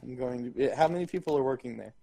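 A man playing in a tabletop game, who swears casually, laughs easily and talks his plans through out loud. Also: mid-range voice, quick pace, gravelly, slightly rough, no room sound. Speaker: player.

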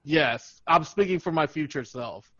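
A man's voice: fairly high pitch, a little slow, fairly bright tone, dry recording, dull audio. A young man co-hosting a podcast, rambling loosely with laughs and swearing. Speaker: podcast co-host. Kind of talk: casual chat.

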